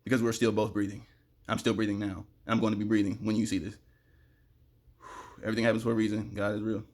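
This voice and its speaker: A young man rambles quickly and excitedly to the camera about spiritual things, his voice sitting lowish. He is sweating in the heat and keeps breaking into abrupt loud outbursts.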